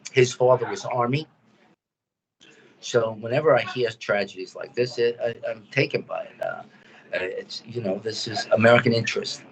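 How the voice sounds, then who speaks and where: A man hosting a talk radio show, speaking in an earnest, somber, measured way. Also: lowish voice, gravelly, slight background noise, poor audio. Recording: crowd chatter behind.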